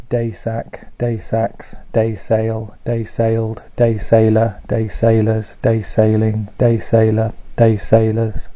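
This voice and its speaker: A man's voice: on the low side, dry recording, muffled recording. A man reading dictionary words aloud one at a time, as a plain list. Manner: slow, flat, one word at a time. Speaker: dictionary reader.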